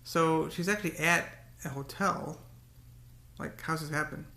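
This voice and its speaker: Man vlogging, rambling monologue, gravelly voice, fairly high pitch, echoey room. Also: a little slow, pushed and bright. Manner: rambling, repeats words, cursing rants.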